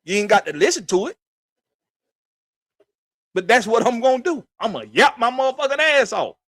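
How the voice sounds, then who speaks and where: A man's voice: very high-pitched, sing-song, normal speed, a bit bright, no room sound. A man hosting a sports podcast, ranting in a profane, emphatic, repetitive way. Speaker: podcast host. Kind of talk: heated sports rant.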